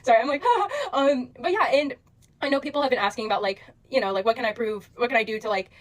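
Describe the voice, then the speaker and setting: A young social media creator speaks straight to camera to her followers, earnest and emotional, rambling through plenty of fillers as she asks for patience. Her voice is on the high side and fast, and the audio is poor.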